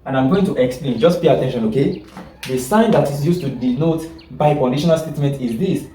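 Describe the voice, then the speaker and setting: A man's voice: medium pitch, warm tone, a little hiss or hum. A man teaching a logic class, repeating points, correcting himself mid-sentence and often asking whether his listeners follow. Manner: repetitive, keeps checking that listeners follow; halting, self-correcting explanations. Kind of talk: classroom lecture. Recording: echoey room, distant mic.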